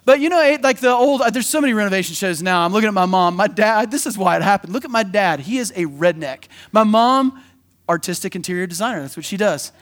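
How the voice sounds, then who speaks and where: High-voiced man preaching a lively sermon. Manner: energetic, conversational preaching with quick acted asides. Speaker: pastor.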